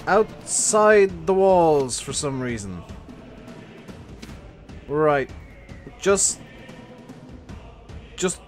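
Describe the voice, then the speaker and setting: A man streaming a strategy game live, barking orders and swearing at his units. His voice sits fairly high, with game music playing under him. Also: lively intonation, very slow, long pauses. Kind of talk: live gameplay commentary.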